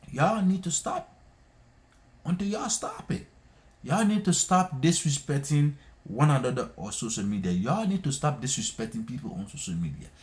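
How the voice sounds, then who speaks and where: A man hosting a live stream, scolding people in an impassioned monologue, repeating himself and hammering his points. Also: fairly low pitch. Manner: scolding, repetitive, emphatic.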